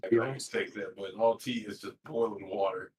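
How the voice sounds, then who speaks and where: A man's voice: lowish voice, moderate pace. A man streaming a game and chatting casually with friends, teasing and swearing a lot. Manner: profane, teasing, animated. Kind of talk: casual gaming chat with friends.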